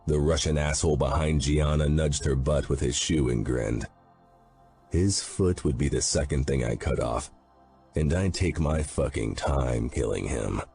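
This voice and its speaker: A man with an extremely low, dark, husky voice narrates an audiobook in first person. His delivery is grim and brooding, with soft music playing underneath. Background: faint background music.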